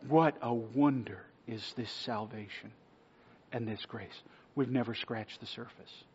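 A male pastor delivers an earnest sermon with a husky, slightly breathy voice, at a middling pitch. He sometimes drops to a hush to press a point home. The recording is dull and lo-fi. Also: unhurried. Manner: earnest preaching, dropping to a hush for emphasis.

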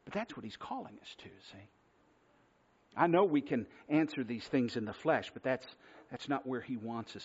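A man's voice: mid-range voice, animated, moderate pace, slightly rough. A man preaching a sermon, telling a self-deprecating personal story in a conversational way. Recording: dull lo-fi sermon recording.

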